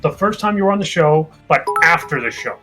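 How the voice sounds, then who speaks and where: An upbeat, teasing man with a high, bright, sharp voice, co-hosting a relaxed group chat. He calls out vote counts and jokes with the others. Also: a little fast, soft background music. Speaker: co-host counting votes.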